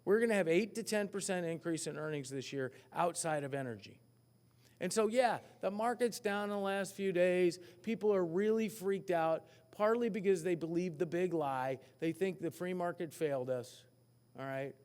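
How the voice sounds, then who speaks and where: A man speaking as an economist at a forecast breakfast, animated, asking the audience questions and poking fun at himself. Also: high voice, moderate pace, long reverb tail. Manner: animated, asks the crowd questions, self-mocking. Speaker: economist giving a keynote. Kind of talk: lively forecast speech to an audience.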